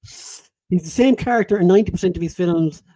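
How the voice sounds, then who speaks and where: A man's voice: sits high, fairly quick, dark tone, no echo. A man co-hosting a podcast, teasing and blunt in casual chat and reading out listener comments. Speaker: podcast co-host.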